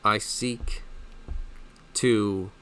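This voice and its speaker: A man playing a young tiger-tribe barbarian who makes halting, earnest declarations. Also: on the low side, fairly even intonation, a bit bright, clean tone.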